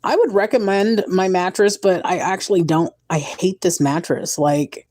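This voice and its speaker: A young woman vlogging casually at home, rambling and candid, tired, her voice climbing higher when she gets emotional. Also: normal speed, darkish tone. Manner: rambling, emotional, candid, swings to a high pitch when moved. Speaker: mother vlogging her day. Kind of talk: casual vlog chat.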